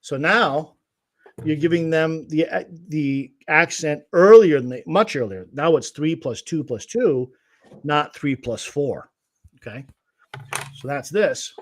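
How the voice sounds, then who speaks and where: Man counting out beats, slightly high voice. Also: sing-song, takes it slowly, music in the background. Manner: explains patiently, counting beats aloud. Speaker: guest guitar teacher. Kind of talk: livestream music lesson.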